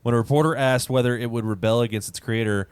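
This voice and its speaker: A man's voice: mid-range voice, fairly even intonation, fast, smooth, no echo. A man co-hosting a casual podcast chat, reading out news stories with stumbles and restarts. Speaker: podcast co-host.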